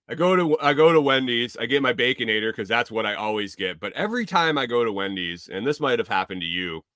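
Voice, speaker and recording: A man's voice: medium pitch, a bit bright, no room sound, studio quality. A man hosting a podcast, talking in a rambling, jokey, profane casual monologue. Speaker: podcast host.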